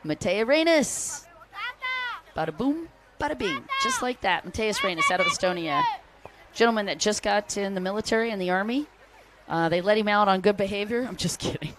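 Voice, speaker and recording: A woman's voice: mid-range voice, expressive, a little fast, heavy background noise. A woman announcing a jet ski race live, chatty and upbeat, joking with the crowd. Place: outdoor race venue by the water.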